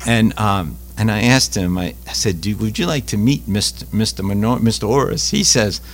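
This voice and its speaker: Deep-voiced man, halting. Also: a little hiss or hum. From Louisiana. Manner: halting, repeats words, many fillers. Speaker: Catholic food ministry leader. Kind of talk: casual interview storytelling.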